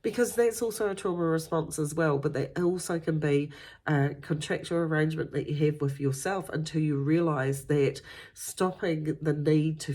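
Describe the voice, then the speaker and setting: A woman's voice: low voice, darkish tone. A middle-aged woman, talking earnestly and conversationally as a spiritual medium, often repeating herself. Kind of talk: spiritual guidance talk.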